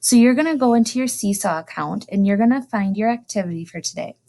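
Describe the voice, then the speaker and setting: With a medium-pitched, dark-toned voice, this woman is an elementary school teacher recording a lesson for young children. She pronounces every new word twice, slowly and clearly, punctuated by delighted exclamations.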